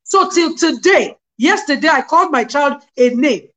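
A middle-aged woman, a guest on a video call, telling lively personal stories and quoting scripture. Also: high voice, moderate pace. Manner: animated storyteller, quotes scripture. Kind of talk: casual interview, personal testimony.

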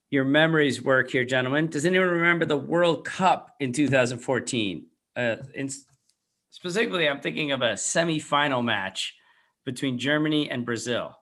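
Bright-voiced man hosting a chat. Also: on the high side. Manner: runs the segment, reads out items and asks questions. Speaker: podcast host. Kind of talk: casual chat.

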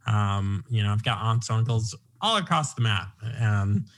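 A man's voice: fairly low pitch, expressive, unhurried. Chatty male podcast host, neutral American. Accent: none, neutral American. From Long Island, New York. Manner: rambling, self-deprecating, digresses. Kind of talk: casual interview chat.

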